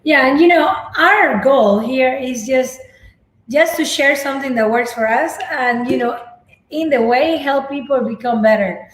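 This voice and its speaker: A woman's voice: high-pitched, a little slow, echoey room, low-quality recording. A woman co-hosting a casual video at home, speaking earnestly and gratefully to viewers. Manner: earnest, grateful, repeats herself. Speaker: co-host.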